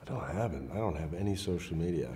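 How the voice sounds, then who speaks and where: Deep-voiced laid-back man. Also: animated, quick pace, warm tone, in a large hall, a little hiss or hum. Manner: laid-back, candid, swears casually. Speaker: actor guest. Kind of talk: casual interview chat.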